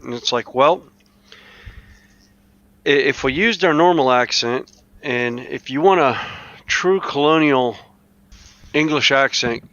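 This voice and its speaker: A man's voice: mid-range voice, takes it slowly, pauses often, fairly bright tone, dry recording, lo-fi sound. A man from the Carolinas with a Southern US accent tells rambling stories full of fillers and restarts in a casual group voice chat. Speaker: chat participant. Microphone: online voice chat mic.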